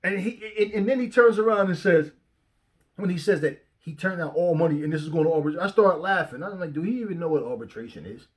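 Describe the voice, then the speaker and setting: A fairly high-voiced middle-aged man rants from his home about the fight game. He curses freely, jeers at his critics and doubles up his words when he gets heated. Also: fast. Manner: profane, combative, mocking commenters, repeats words when worked up. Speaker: boxing commentary channel host. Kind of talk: heated rant to camera.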